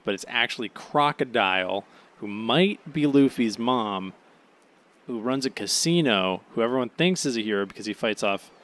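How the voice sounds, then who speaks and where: A sleepy, yawning man hosting a podcast, rambling through a casual solo recap with lots of "um"s and swearing, now and then bursting into high, excited gushing. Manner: rambling, offhand, peppered with swearing and "um"s. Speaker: podcast host.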